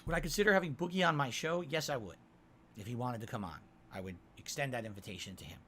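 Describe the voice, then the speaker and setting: A man running his own livestream reads chat messages and answers them defensively, often asking "right?". His medium-pitched voice is fast and fairly bright, with a little hiss or hum in the audio.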